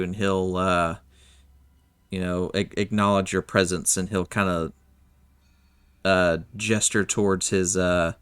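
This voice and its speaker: A man's voice: low voice, a bit bright, smooth. A man narrating as game master of a tabletop game, loose and hesitant, full of fillers. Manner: loose and hesitant, full of "kinda" and "you know".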